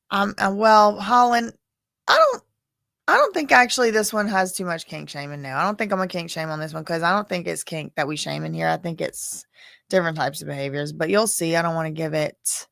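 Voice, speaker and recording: Talking straight to viewers, this livestream host from Louisiana chats and rambles through commentary on court cases. She has a lowish, creaky, slightly bright voice at a moderate pace, captured in studio quality with no room sound.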